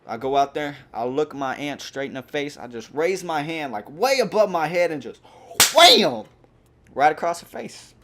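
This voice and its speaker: Young man, gaming host, story over gameplay, lively swinging voice, rambling and full of fillers. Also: on the high side, normal speed, hardly any pauses, background noise.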